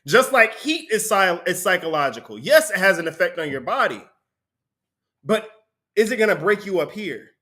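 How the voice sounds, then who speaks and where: A man's voice: sits high, big pitch swings, moderate pace, pushed and bright. A man preaching a conversational sermon, often breaking into laughter between points.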